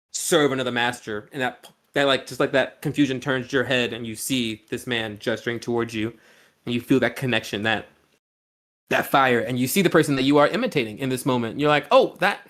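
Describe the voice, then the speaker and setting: A man's voice: mid-range voice, fairly bright tone. A man as game master, narrating a scene loosely with many fillers and restarts.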